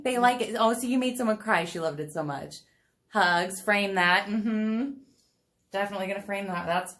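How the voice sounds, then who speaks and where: A woman's voice: medium pitch, fairly bright tone. Bubbly chatty woman painting live. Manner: chatty and bubbly, laughs often, talks to viewers. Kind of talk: casual chat while painting live. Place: home room, not a studio.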